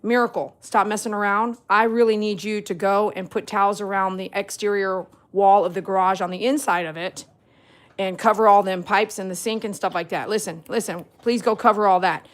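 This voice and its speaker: A woman's voice: mid-range voice, fairly even intonation, a little fast. A woman at home chatting playfully with her dogs, scolding them and laughing often. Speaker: vlogger, dog groomer. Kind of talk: casual talk to her dogs. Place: at home indoors.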